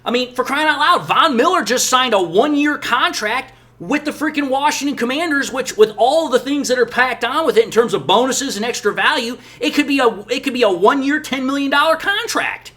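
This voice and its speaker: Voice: high-pitched, a little fast, hardly any pauses, pushed and bright. A sports channel host giving emphatic, exasperated opinion commentary on football. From Detroit area, USA.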